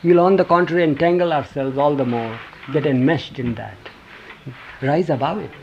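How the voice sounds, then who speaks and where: A man with a fairly high voice and vocal fry, speaking at a moderate pace, gives an informal group talk recalling what his spiritual teacher said. He shares stories, quotes the teacher, and questions the listeners, all captured on dull lo-fi tape with faint hiss.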